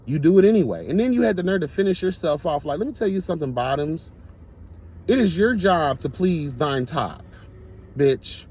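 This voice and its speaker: A man's voice: a little high, darkish tone, husky. A man telling a casual storytime monologue to his viewers, blunt, profane and emphatic. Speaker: storyteller vlogger.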